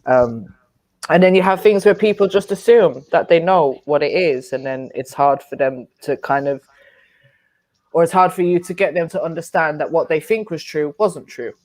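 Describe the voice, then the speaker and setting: A woman's voice: low-pitched, moderate pace, darkish tone, no room sound. A woman with an Irish accent, talking earnestly at length on a casual live panel. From Ireland. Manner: earnest, explains at length with fillers.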